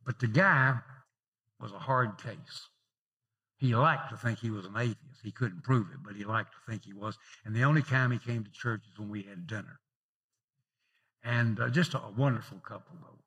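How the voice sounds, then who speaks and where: A male pastor preaching a sermon in a conversational way, telling personal stories and swinging from emphatic lifts to softer asides. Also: on the low side, moderate pace, slightly rough. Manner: rising emphatic openings then dropping softer.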